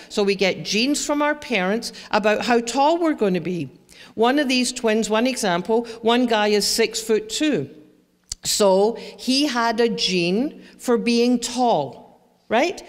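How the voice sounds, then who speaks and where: A woman giving an explanatory presentation to an audience, often checking in with "right?". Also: on the high side. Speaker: speaker on adolescent brain development. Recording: hall reverb.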